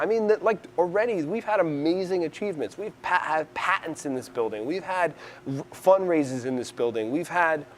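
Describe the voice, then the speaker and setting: A man's voice: a little high, slight background noise. A man from New York City talking in a conversational interview, rambling with frequent restarts. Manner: rambling, restarts often, animated storyteller.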